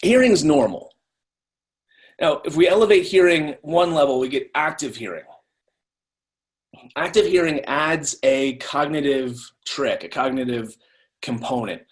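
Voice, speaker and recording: A man's voice: a little high, measured pace, pauses often. A man giving a live online training talk in a conversational way, often repeating words as he restarts.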